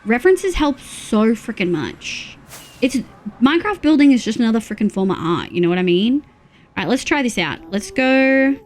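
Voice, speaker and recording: A bubbly young woman chats away on a live game stream. Her voice sits a little high, and she laughs often as she answers her chat. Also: sing-song, moderate pace. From Australia. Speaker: VTuber streamer. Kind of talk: casual live-stream chat while gaming.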